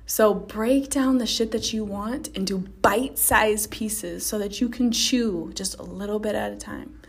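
A woman's voice: mid-range voice, measured pace, creaky, breathy edge. A young adult woman hosting her own podcast, giving a blunt, profane, motivational pep talk to her listeners. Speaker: podcast host. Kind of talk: motivational solo podcast monologue.

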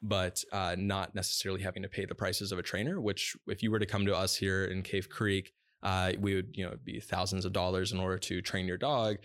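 A man who runs a dog training business, explaining his app and technology in an interview in a fluent, explanatory way with frequent "uh" pauses. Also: sits low, little pitch movement, fairly bright tone.

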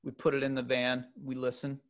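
A middle-aged man telling a long personal story in casual conversation, loose and animated with many fillers and restarts. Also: mid-range voice, brisk.

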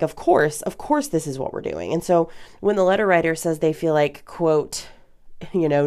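A woman in her thirties with a notably low voice talks straight to her podcast listeners. She is chatty and candid, with loose fillers and casual swearing. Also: darkish tone. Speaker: podcast host. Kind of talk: casual advice podcast monologue.

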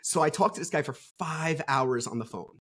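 A man's voice: on the high side, moderate pace, a bit bright, husky. A man guest on a podcast, talking casually and bluntly with plenty of swearing, telling his story candidly. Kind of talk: casual conversational interview.

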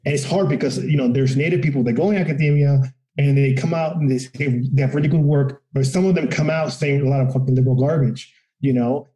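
A man talking in a casual, profane political discussion, animated and acting out quotes of other people. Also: mid-range voice, fast, echoey room, rough recording.

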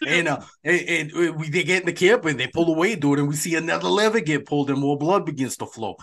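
A man's voice: fairly high pitch, fast talker, hardly any pauses, pushed and bright. A man co-hosting a podcast, casually recapping a film in slangy, profane chat full of "dude" and "man". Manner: slangy, swearing, says dude and man a lot. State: lightheaded and sweaty.

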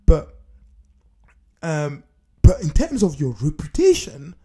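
Emphatic talk show host, lively pitch. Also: slow pace, long pauses, breathy edge. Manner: emphatic, repeats key phrases. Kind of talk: solo opinion monologue. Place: based in Scotland.

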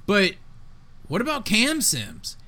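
A man co-hosting a casual sports podcast, talking in an emphatic, excitable way with plenty of slang. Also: sits high, slow, very noisy. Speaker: podcast co-host.

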